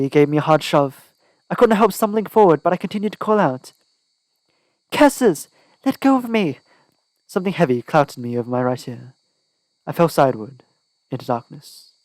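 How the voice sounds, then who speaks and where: A man's voice: mid-range voice, no room sound, poor audio. A man narrating an audiobook in the first person with a dramatic, tense delivery. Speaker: audiobook reader.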